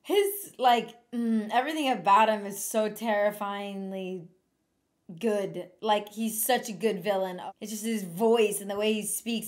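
A young woman reacting to a movie, excitedly shouting and laughing at what she sees. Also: a little high, measured pace, faint music behind. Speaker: reaction video host. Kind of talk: live movie reaction commentary. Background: film soundtrack playing.

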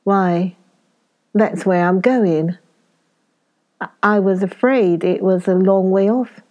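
A woman's voice: mid-range voice, fairly even intonation, takes it slowly, darkish tone, lo-fi sound, natural voice. Woman voicing a timid, curious young boy. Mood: eager.

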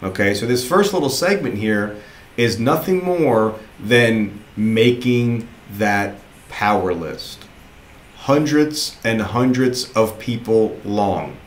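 A man's voice: lowish voice, expressive, slow, slight background noise. Man coaching recruits in a roomy space. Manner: casual, encouraging, repeats himself. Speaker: sales recruiter trainer. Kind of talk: motivational training talk.

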